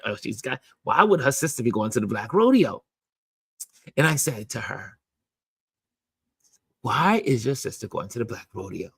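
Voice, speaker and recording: Husky, lively-voiced male host telling a story. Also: mid-range voice, no echo. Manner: animated storyteller, acting out both sides of a conversation; chatty, with many restarts and repeated "I said". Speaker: game night host. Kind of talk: casual storytelling to a livestream community.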